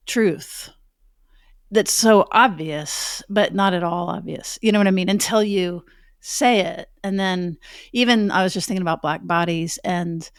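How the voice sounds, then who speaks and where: A woman's voice: on the low side, no room sound, studio quality. Effusive woman podcast host. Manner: effusive, appreciative, chatty. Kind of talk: conversational interview.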